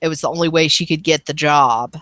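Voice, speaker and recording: A woman's voice: low voice, fairly quick, a bit bright, dry recording. A woman narrating a tabletop role-playing game as game master, casual and rambling with many fillers.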